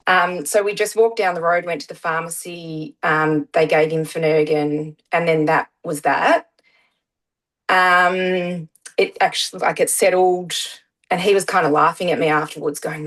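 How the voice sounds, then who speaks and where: A woman's voice: on the low side, steady tone, moderate pace, a bit bright, rough recording. A middle-aged woman, telling her story as a guest in a casual interview, with many "um" fillers. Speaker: guest, parent.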